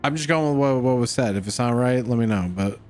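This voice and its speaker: A man's voice: mid-range voice, fast talker, a little mellow. A young man streaming a space game, giving casual commentary full of cursing, jokes and laughter. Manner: profane, joking, laughs often, calls everyone dude. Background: game music.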